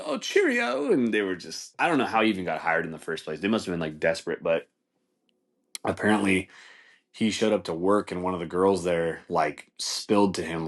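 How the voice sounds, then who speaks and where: Podcast host, young man, low voice, animated and profane storyteller. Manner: animated, swears, says dude a lot. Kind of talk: casual storytelling.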